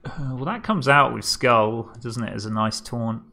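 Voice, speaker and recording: Gravelly-voiced man thinking aloud. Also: mid-range voice, moderate pace, sharp tone, soft background music. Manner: thinking aloud, frequent chuckles. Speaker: card game streamer. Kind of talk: casual gameplay commentary.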